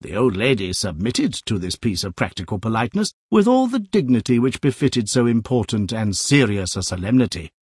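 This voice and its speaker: Husky guy reading an old novel aloud, really animated voice. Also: lowish voice, fairly quick, hardly any pauses, dry recording, clean studio sound. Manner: lively, varied storytelling delivery. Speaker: narrator. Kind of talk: expressive audiobook narration of a classic novel.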